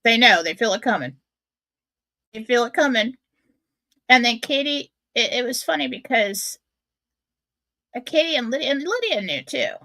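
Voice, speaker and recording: A woman's voice: a little high, lively intonation, moderate pace, pauses often, sharp tone, no echo. A middle-aged woman hosting a radio show, telling a personal story in a candid, self-mocking way. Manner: candid, self-mocking, acts out her own thoughts.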